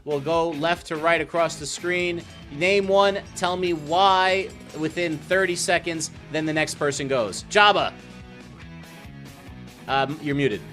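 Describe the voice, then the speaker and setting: A man's voice: a little high, takes it slowly, a bit bright, soft background music. Upbeat man running a quiz segment. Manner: upbeat, explains the rules, playful. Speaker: game segment presenter. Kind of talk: game show style hosting.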